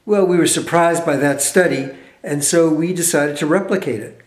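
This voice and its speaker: A man being interviewed as a researcher, explaining his studies with animated storytelling and quick asides. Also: on the high side, reverberant.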